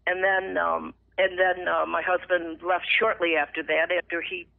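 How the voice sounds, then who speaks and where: A woman's voice: on the low side, normal speed, creaky, no echo. Middle-aged woman on a tinny phone line. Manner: emotional, animated retelling with lively acted quotes. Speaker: radio guest sharing a testimony. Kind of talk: personal faith testimony, storytelling.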